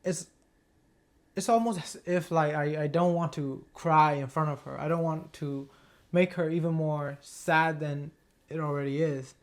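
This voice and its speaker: Man, acting student, personal sharing, hesitant, unhurried delivery, slightly raised pitch. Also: fairly even intonation. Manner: halting, hesitant, many restarts.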